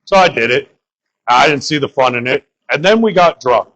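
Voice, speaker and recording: A man's voice: mid-range voice, expressive, normal speed, fairly bright tone, rough recording. A young man from the Bronx doing crude, rambling open-mic stand-up and talking to the crowd. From New York (the Bronx). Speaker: stand-up comedian.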